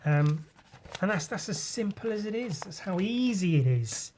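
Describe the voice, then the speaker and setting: A man's voice: high-pitched, big pitch swings, a little slow, heavy background noise. Rambling man talking through his comics. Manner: loose and rambling, swears, mimics sound effects. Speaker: podcast host. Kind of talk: casual chat walking through comic pages.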